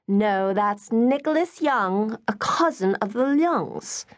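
A curt, guarded young woman, as a female narrator puts her on, clipped and tight-lipped. Her voice sits well above the narrator's own and stays lively. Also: a little high, takes it slowly, no room sound, clean studio sound, pitched above the performer's own voice. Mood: informative. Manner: curt, through gritted teeth.

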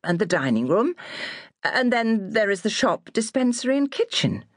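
A woman voicing a proud, quick-tempered young apothecary's daughter in an audiobook, polite but defensive. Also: mid-range voice, sing-song, dry recording, studio quality, pitched above the performer's own voice.

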